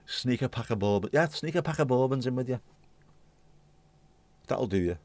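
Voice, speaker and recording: A man's voice: medium pitch, lively intonation, normal speed, darkish tone. A man hosting a livestream, chatting to viewers in a rambling, jokey way and swearing casually. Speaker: livestream host.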